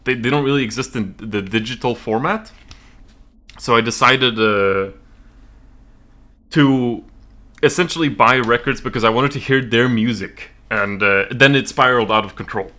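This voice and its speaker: A man's voice: mid-range voice, normal speed, sharp tone. A young man from Sweden streaming from home, rambling nervously with lots of giggling.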